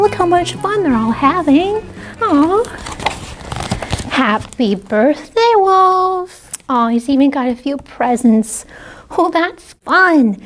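A woman working as a children's librarian, reading stories aloud in a gentle, exclamatory way and asking the young listeners questions. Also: high voice, animated, slow pace, faint music behind. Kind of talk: children's story read-aloud.

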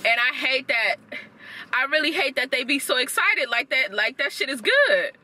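Profane, animated young woman ranting. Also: high-pitched, normal speed, low-quality recording. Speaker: TV review vlogger. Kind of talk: casual ranting review.

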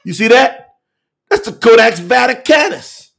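A man preaching fiery and emphatic to a telethon audience as a scripture teacher, repeating phrases and shouting at times. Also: very high-pitched, expressive, unhurried, gravelly.

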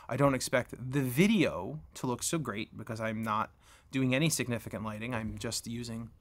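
A man's voice: mid-range voice, fairly bright tone. A man in his forties casually reviewing gear, rambling and correcting himself, recorded at a table in a room at home through a camera-mounted shotgun mic. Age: 40s. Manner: rambling, self-correcting, chatty.

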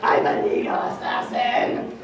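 A woman's voice: unhurried, close to an everyday voice. A woman voicing a grieving, guilt-ridden father in a comic retelling, mopey and overdramatic. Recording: echoey room, far mic, crowd chatter.

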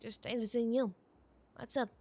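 A woman's voice: on the high side, fairly even intonation, normal speed, dark tone. A woman playing a character in a game roleplay, talking in a hesitant way, repeating words and trailing off. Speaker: roleplay player.

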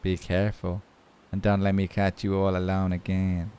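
A man voicing a creepy male stalker in a low, hushed, menacing tone. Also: monotone, normal speed, clear, resonant tone, lightly acted.

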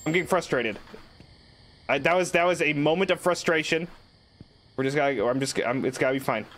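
A man's voice: on the high side, a little fast, fairly bright tone. A man streaming a game, rambling, joking and swearing in casual commentary. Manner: rambling, swearing, jokey outbursts.

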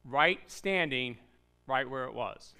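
A man pastor preaching a sermon in a church, telling the story with lively voiced asides and rhetorical questions to the congregation. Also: medium pitch, takes it slowly, clean tone. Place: church sanctuary.

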